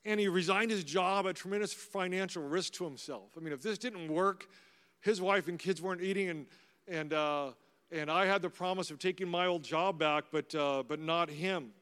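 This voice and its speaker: A man's voice: high voice, moderate pace, clean tone. A middle-aged man, a pastor, telling personal stories in a conversational, humorous sermon. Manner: conversational, anecdotal, warmly humorous. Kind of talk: storytelling sermon. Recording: long reverb of a large hall.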